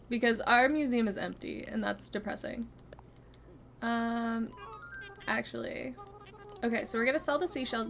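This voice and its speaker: A young woman streaming a game, chatting casually to her viewers, giggling and thinking out loud. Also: on the high side, slight background noise. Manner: chatty, giggly, talks to chat and herself. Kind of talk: casual gameplay chat.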